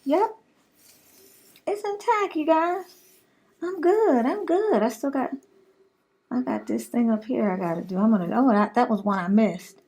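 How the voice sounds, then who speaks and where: A woman's voice: a little high, measured pace, pauses often, darkish tone. Chatty woman vlogging to her viewers. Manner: chatty, affectionate, addresses viewers as y'all. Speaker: hair vlogger. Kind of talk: casual chat to viewers.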